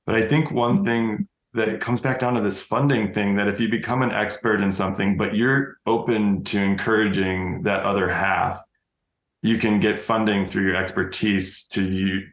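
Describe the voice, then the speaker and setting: A man's voice: on the low side, flat delivery, moderate pace, creaky, reverberant. A man who is a scientist speaking casually on a panel discussion, hesitant, with fillers.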